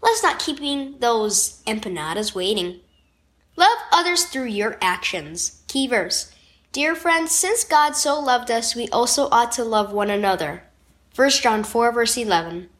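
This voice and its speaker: A woman narrating a children's devotional story in a clear, expressive storytelling manner. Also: fairly high pitch, unhurried.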